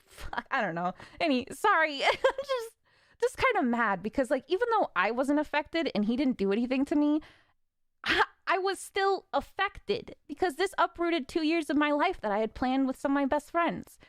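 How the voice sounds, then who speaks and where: A young woman streamer ranting casually, frustrated and swearing with nervous laughs, her voice a little raspy from talking. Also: high-pitched, very animated, normal speed, no room sound, clean studio sound.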